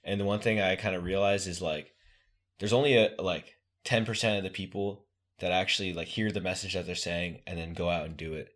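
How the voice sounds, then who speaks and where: Deep-voiced podcast host asking questions. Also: male voice, fairly even intonation, fairly quick, a bit bright. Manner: curious, asks follow-up questions. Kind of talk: casual podcast chat.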